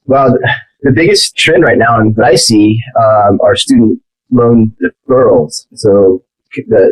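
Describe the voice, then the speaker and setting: A man with a husky, slightly breathy voice, chatting casually on a podcast. He speaks loosely as a lender guest and leans on filler words. His voice sits at a middling pitch. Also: darkish tone, poor audio.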